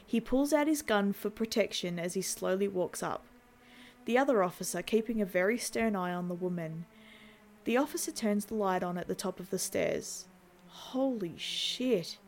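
Woman narrating a movie recap with wry asides. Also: medium pitch.

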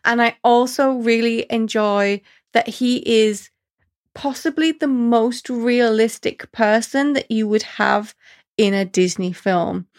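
A woman's voice: on the high side, slow pace. A woman in a casual chat, talking enthusiastically and acting out quotes in different voices.

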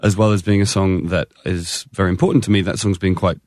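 A man in a casual interview, telling stories quickly and animatedly and swearing freely. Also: low voice, steady tone, a little mellow, no room sound. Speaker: musician guest.

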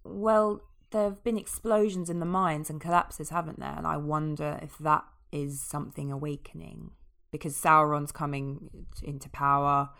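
A woman's voice: low-pitched, fairly even intonation, normal speed, creaky, hardly any pauses, fairly bright tone. A woman co-hosting a casual chat, talking with enthusiasm and many small fillers and restarts. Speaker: podcast co-host. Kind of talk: casual chat about a fantasy TV series.

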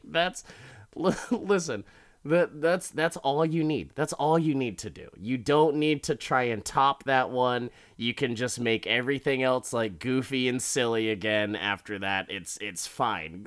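An unhurried host picks apart a TV episode in a loose spoken monologue. The talk is full of swearing and exasperated groans. It stumbles through restarts and breaks into laughter. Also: medium pitch, lively intonation, a bit bright. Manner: halting, with many restarts. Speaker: show reviewer. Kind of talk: casual monologue review.

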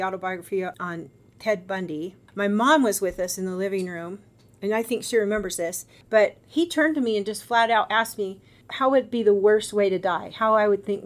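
A middle-aged woman, a guest on a podcast, telling a personal story in a casual, animated way and acting out the other people's lines. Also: mid-range voice. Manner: animated, acts out quoted voices.

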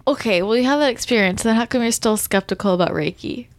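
A woman's voice: on the high side, fast, no echo. A woman hosting a casual podcast conversation, asking curious questions with lots of "like" and brief agreeing sounds.

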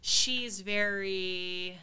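A woman's voice: mid-range voice, drawn-out words, sharp tone, clean tone. A young woman who runs a princess party business, chatting casually, bubbly and laughing often as she acts out her own reactions. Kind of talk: casual chat.

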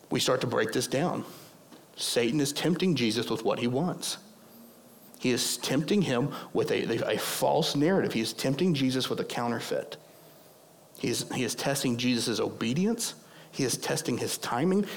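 A hoarse man preaching a sermon as pastor, conversational and prone to digressing. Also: mid-range voice, animated, normal speed, pauses often. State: hoarse, losing his voice.

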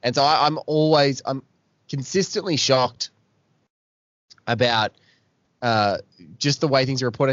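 A man's voice: medium pitch, normal speed, long pauses, no echo. Australian male podcast host, frustrated and sweary, recorded dry and a bit dull. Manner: exasperated ranting with swearing. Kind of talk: casual podcast chat.

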